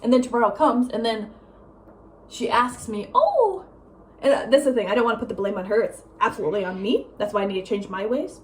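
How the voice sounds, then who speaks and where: A young woman vlogging at home in a casual, rambling chat, full of "like" and "um" and quick laughs. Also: on the high side. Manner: rambling, lots of "like" and "um", laughs often; breezy, drifts between loud and soft. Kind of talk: casual chatty vlog monologue.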